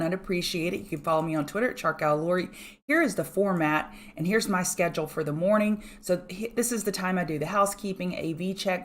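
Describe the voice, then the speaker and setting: A middle-aged woman, working as a market analyst, hosts a live pre-market show in a lowish voice. Her delivery is fast and conversational with a pronounced regional accent, and she pauses her chart commentary to welcome viewers by name.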